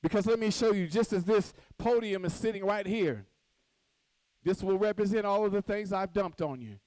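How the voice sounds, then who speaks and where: A woman's voice: medium pitch, moderate pace, dark tone, no echo, low-quality recording. A woman giving a motivational speech from a podium at a conference, acting out little scenes and quizzing the audience. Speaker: conference speaker. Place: stage at a podium.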